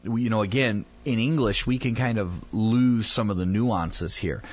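A man's voice: lowish voice, moderate pace, breathy edge. A man teaching through a Bible passage in a conversational way, often acting out the people he quotes. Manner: animated, acts out quoted voices. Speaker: Bible teacher on a radio program. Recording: dull lo-fi sound.

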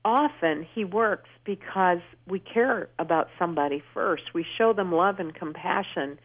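A woman's voice: lowish voice, measured pace. An older woman telling stories earnestly as a guest on a phone-in radio interview. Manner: earnest, warmly emphatic storyteller. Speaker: guest speaker. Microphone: telephone. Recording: tinny phone line.

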